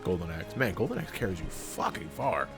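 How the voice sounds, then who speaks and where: Wildly expressive joking man. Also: low voice, fairly quick, creaky, faint music behind. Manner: joking, swears, sarcastic. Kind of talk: casual gaming chat.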